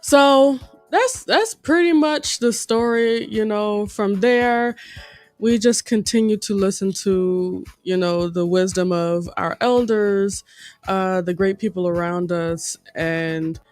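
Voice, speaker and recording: A woman's voice: mid-range voice, slow, darkish tone, no echo, soft background music. A woman co-hosting a relationship podcast with her husband, talking casually with lots of fillers and easy laughter. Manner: chatty, laughs easily, many fillers. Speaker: podcast co-host. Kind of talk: casual conversation.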